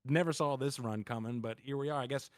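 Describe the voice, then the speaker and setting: A man's voice: mid-range voice, fast talker, no room sound. Man, casual post-game interview, rambling, upbeat, voice chat, dry sound. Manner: rambling, upbeat, fillers and restarts.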